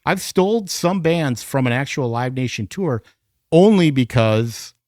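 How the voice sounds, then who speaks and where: A man's voice: mid-range voice, unhurried, no room sound. A man swaps promoter stories on a casual podcast, acting out both sides of his phone calls. His voice sits in the middle range and is recorded close and dry, with no room sound. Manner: animated storyteller, acts out phone calls. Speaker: podcast guest, concert promoter. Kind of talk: casual bar podcast chat. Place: podcast studio.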